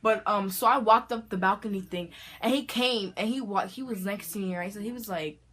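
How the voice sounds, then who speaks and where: A teenage girl vlogger telling a storytime tale in a dramatic, animated way, full of slang. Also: mid-range voice, brisk. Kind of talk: storytime vlog.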